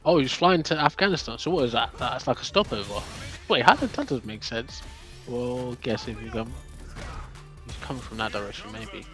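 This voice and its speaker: A man chats with his stream viewers in a loose, rambling way, restarting his sentences and filling gaps as he goes. His voice sits at an ordinary middle pitch, and soft music plays faintly behind him. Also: normal speed. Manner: loose and chatty, many fillers and restarts. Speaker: live streamer. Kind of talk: casual chat with viewers.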